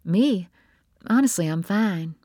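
A woman voicing a quiet, grieving young mother in a read story, earnest and tender. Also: medium pitch, animated, slow pace, no room sound, studio quality, pitched above the performer's own voice.

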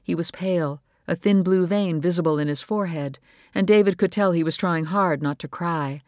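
A man reading a novel aloud in a measured, even storytelling voice. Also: a little high, no room sound, studio quality. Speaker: audiobook narrator. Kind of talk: scripted narration.

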